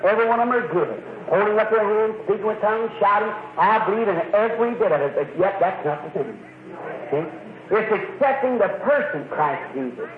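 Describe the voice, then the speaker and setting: A man's voice: high voice, lively intonation, fairly quick. A man preaching a sermon in a church, folksy and emphatic, often stopping to ask "See?". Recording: tinny echoey old sermon tape.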